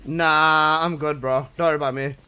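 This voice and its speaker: A high-voiced man livestreaming a game. He talks in loose, excitable slang, casual and quick to react to his squad. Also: clean tone. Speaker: game streamer. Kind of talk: casual live-stream chat.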